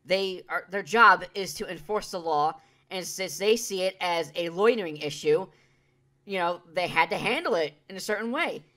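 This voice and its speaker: A woman's voice: on the low side, moderate pace, fairly bright tone. A woman hosting a reaction video, giving blunt, profane, sarcastic commentary on clips.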